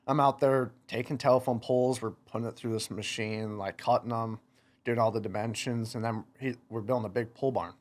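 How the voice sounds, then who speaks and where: A young man, a podcast guest, telling stories in casual chat, animated, laughing and acting out what people said. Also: mid-range voice, a little fast. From United States. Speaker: podcast guest, motocross racer. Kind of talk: casual storytelling.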